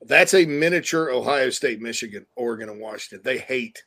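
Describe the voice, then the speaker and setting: A man talking college football on a podcast from his home desk mic, over a remote call. He rambles, doubles back on his words and chuckles between thoughts, at an ordinary mid pitch. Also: lively intonation, a little fast, sharp tone. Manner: rambling, self-interrupting, chuckling. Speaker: podcast co-host. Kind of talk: casual sports talk.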